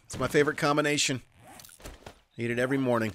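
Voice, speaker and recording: A man's voice: mid-range voice, fairly even intonation, fast talker, fairly bright tone, a little hiss or hum. Wry, muttering gaming man. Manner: wry, self-mocking, mutters to himself. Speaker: gaming YouTuber. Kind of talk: casual let's-play commentary.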